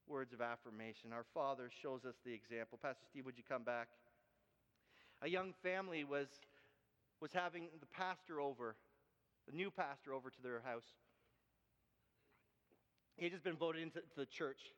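A man's voice: fairly high pitch, expressive, moderate pace, pauses often, a bit bright, big-room sound, muffled recording. A man preaching a sermon as pastor, telling a story and speaking earnestly to fathers.

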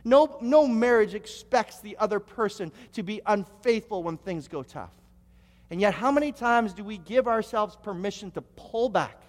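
High-voiced male pastor preaching. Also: long reverb tail. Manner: storytelling with frequent stammered restarts. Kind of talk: sermon.

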